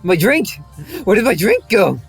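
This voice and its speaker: A man streaming a game live, reacting out loud in an animated way. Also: high-pitched, measured pace, breathy edge, soft background music. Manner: animated, laughing, reacts aloud. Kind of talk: live gaming commentary.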